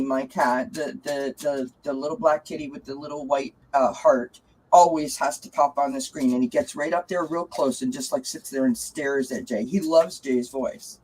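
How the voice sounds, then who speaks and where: A woman's voice: low-pitched, darkish tone, a little hiss or hum, poor audio. A chatty woman hosting a live tarot reading stream, greeting viewers, laughing often and cooing to her cat. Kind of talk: casual live-stream chat.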